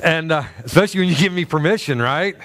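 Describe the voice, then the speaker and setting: A man's voice: a little high, fast talker, a bit bright. A middle-aged man preaching a sermon as a pastor, telling a story in a loose, conversational way with many fillers and restarts.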